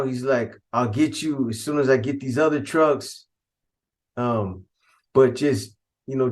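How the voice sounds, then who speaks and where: Cursing man telling a street story. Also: medium pitch. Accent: Californian. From California. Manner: street slang, heavy cursing, acts out quoted voices. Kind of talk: casual storytelling.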